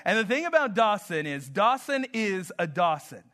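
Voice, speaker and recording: High, bright-voiced male preacher. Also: very animated. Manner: storytelling, slow emphatic delivery with humor. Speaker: pastor. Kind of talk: sermon.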